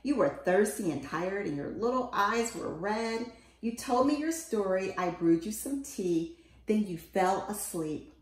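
A woman reads a children's picture book aloud in a sing-song storytelling voice. Her pitch swings widely as she calls out the quoted lines. The room around her sounds roomy and echoey. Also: animated, measured pace. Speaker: storybook reader.

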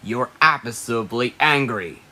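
A man voicing an excitable cartoon character who bickers with a witch in an animated, squabbling way. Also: medium pitch, normal speed. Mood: bickering. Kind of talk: cartoon voice acting.

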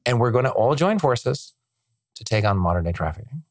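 A man chatting as a podcast guest, excited and rambling, with lots of filler words and restarts. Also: mid-range voice, fairly quick, dry recording. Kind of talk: casual conversational interview.

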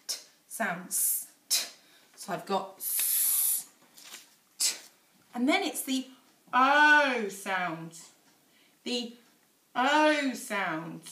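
A woman with an English accent teaching a phonics lesson to young children, sounding out letters in a sing-song, drawn-out way. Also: a little high, sharp tone, slight background noise. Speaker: infant school teacher. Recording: echoey room, voice a little far from the mic.

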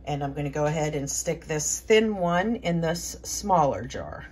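A woman hosting a home preparedness channel, walking through a hands-on demonstration in a relaxed, chatty way, thinking aloud with fillers and restarts. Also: low-pitched, unhurried. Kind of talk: casual how-to demonstration.

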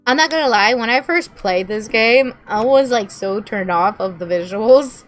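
A woman's voice: fairly high pitch, lively intonation, normal speed, slight background noise. Goofy woman in her late twenties. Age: late 20s. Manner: goofy, rambling, joking. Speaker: gamer. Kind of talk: casual game commentary.

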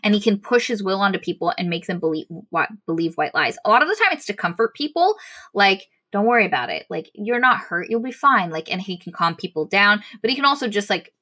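A woman's voice: medium pitch, bright, forceful tone, poor audio. A woman casually recapping a fantasy novel, animatedly acting out the characters' lines as she goes. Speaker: book reviewer.

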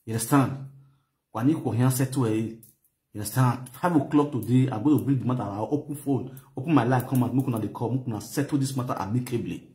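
A man's voice: mid-range voice, fast, dark tone. A man with a Nigerian accent hosting a casual online show, chatty and often checking that his listeners follow him. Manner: chatty, keeps asking "you understand?", laughs often. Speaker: YouTube host. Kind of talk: casual live commentary. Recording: echoey room.

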